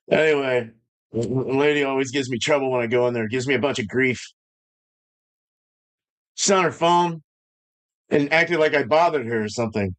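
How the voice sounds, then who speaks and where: A man's voice: fairly high pitch, a bit bright. A man hosting a live stream from his home brewing setup, ranting in a loose, joking, profane way. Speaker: livestream host. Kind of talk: casual live-stream rant.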